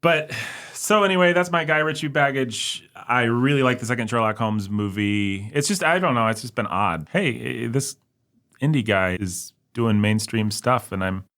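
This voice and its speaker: This co-host of a movie podcast chats loosely, meandering, self-deprecating, and mimicking others in comic voices. He has a mid-range, fairly bright voice and keeps a moderate pace.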